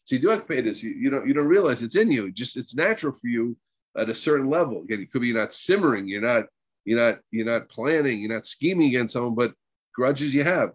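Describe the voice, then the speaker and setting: A man's voice: medium pitch, expressive, quick pace, dry recording. A middle-aged man with a New Jersey accent giving a conversational religious class. He mixes Hebrew terms into his English and keeps checking in with "right?". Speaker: Torah teacher.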